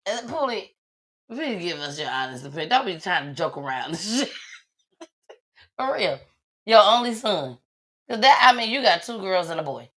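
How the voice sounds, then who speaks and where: Bright-voiced blunt woman podcast host. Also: mid-range voice, sing-song, moderate pace, long pauses. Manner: blunt, laughing, swearing, talks to viewers. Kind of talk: casual chat.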